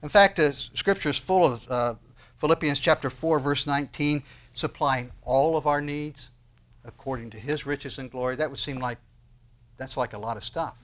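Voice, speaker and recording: A male pastor delivers an animated sermon, posing rhetorical questions and raising his voice to stress points. He speaks at normal speed with a medium pitch.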